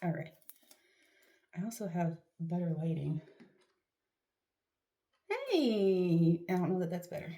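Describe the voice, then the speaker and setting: A middle-aged woman with a lowish, mellow voice chats to camera at home. She rambles loosely and pokes fun at herself, and her nose is sniffly throughout. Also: sing-song, slow pace, pauses often. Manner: rambling and chatty, with self-deprecating asides. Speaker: vlogger. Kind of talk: casual chat to camera. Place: at home, doing a face mask.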